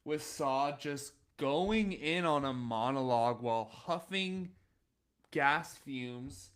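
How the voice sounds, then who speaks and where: Casting: young man, mid-pitched voice, easygoing podcast co-host summarizing plots. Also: slow. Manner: relaxed, recaps episode plots with fillers. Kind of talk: casual chat.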